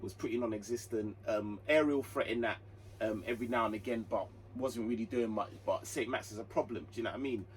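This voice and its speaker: A man's voice: on the low side, fast. Slangy young man reviewing football. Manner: slangy and rambling, many fillers and restarts. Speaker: football channel host. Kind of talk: casual match review. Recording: slightly distant mic with faint hum.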